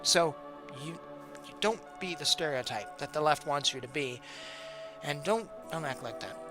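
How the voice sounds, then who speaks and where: A man's voice: fairly high pitch, moderate pace. Chatty middle-aged man with music behind. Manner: conversational, rhetorical questions, chuckles. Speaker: political commentary host. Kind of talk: casual direct-to-camera monologue.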